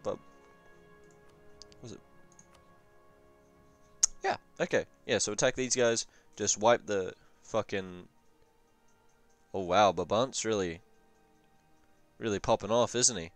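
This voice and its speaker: A low-voiced young man talks through a strategy game replay in loose, profane, rambling commentary full of jokes and asides. His voice is smooth and close to the mic in a dry space, with faint music underneath. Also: takes it slowly, pauses often, no room sound. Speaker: gaming commentator. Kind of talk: casual strategy game review.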